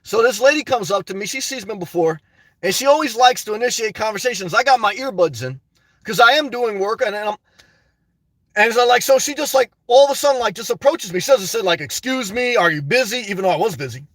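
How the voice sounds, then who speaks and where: A man's voice: high-pitched, lively intonation, fast talker, a bit bright, no echo. A man venting and telling stories to his viewers in a rambling, casual monologue, often calling them "guys.". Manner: rambling, storytelling, frequent "guys" asides and laughs. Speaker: YouTuber.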